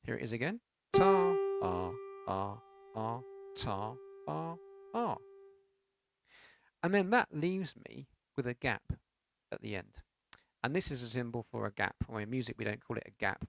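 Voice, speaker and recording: A man's voice: medium pitch, vocal fry, fairly bright tone, dry recording. A man teaching a beginners' piano lesson, explaining notes patiently and counting beats aloud with sung syllables. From United Kingdom.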